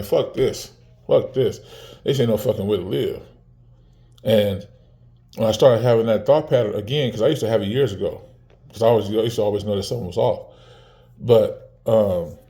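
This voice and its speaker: A man's voice: mid-range voice, warm tone. A man in his forties talking casually to the camera, heated and profane, repeating words and restarting often. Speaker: vlogger.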